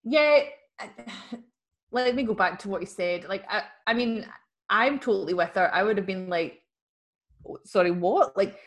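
A woman's voice: medium pitch, moderate pace. A woman who co-hosts a podcast, reading a listener's letter aloud in a chatty, wry way and laughing easily. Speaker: podcast co-host.

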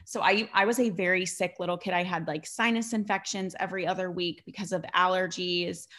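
Young female podcast host, lowish voice, chatty and animated, heavy on fillers. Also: fairly quick. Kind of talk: casual chat.

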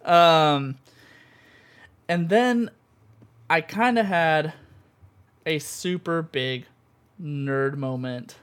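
Excitable man gushing in casual chat. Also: a little high, drawn-out words, long pauses, clean tone. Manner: excitable and gushing, full of "like" and "um" fillers. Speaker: podcast co-host.

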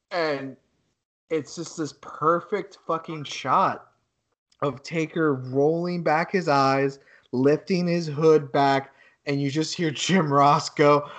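A man co-hosting a casual podcast, telling stories in an animated way with lots of swearing and bursts of laughter. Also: fairly high pitch, takes it slowly. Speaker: podcast co-host.

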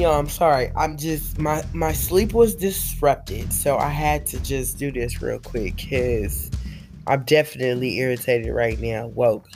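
A worn-out woman with a hoarse voice talks casually and profanely to her viewers, rambling with plenty of fillers. Faint music plays behind her. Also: rumbling low, unhurried, a little mellow. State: tired and hoarse after a week of illness. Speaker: vlogger.

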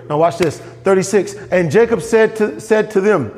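A man preaching a sermon as pastor, animated, jumping up in pitch when he voices quoted characters. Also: moderate pace, long reverb tail.

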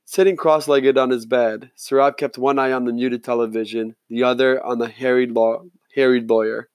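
A man's voice: medium pitch, level tone, moderate pace, no echo. Man narrating an audiobook, dry sound. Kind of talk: scripted narration.

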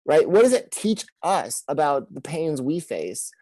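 A man's voice: fairly high pitch, big pitch swings, unhurried, warm tone, no room sound, rough recording. Earnest male pastor, dry close sound. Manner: earnest, repeats words, acts out quoted speech. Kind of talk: conversational podcast talk.

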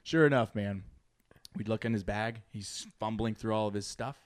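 A man telling a long story in casual chat, animated, laughing often and acting out his friends' lines. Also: fairly low pitch, moderate pace.

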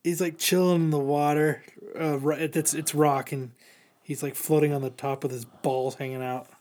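A man's voice: on the high side, flat delivery, normal speed, a little mellow. A man casually recapping a comic book on a podcast, rambling with lots of fillers and swearing. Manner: rambling, profane, many fillers. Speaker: podcast host.

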